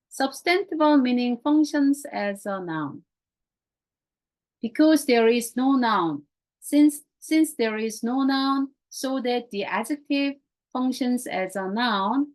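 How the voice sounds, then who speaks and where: A woman teaching a Greek grammar class in a slow, repetitive way, speaking English as a non-native speaker whose first language is Korean. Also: a little high. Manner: slow, repeats key words, non-native phrasing.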